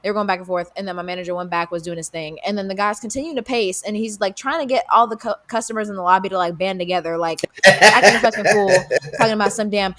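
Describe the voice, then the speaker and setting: A young woman on a podcast, rattling through a personal story at a quick clip. She drops in fillers and swearing and acts out what other people said. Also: mid-range voice. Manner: animated retelling, acts out quotes, frequent fillers and swearing. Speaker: podcast co-host. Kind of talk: casual storytelling.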